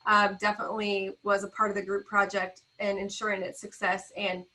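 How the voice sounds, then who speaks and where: Bright-voiced enthusiastic woman guest. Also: mid-range voice, flat delivery, fairly quick, poor audio. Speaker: guest, podcast founder. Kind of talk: casual video-call interview. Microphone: video call.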